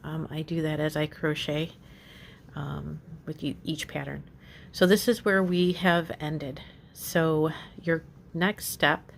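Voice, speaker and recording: In a slow, relaxed crochet tutorial, a woman guides viewers through a pattern and patiently repeats every step. Her low voice has a gravelly edge, and she fills out her instructions with casual fillers. There's a faint hiss or hum in the background.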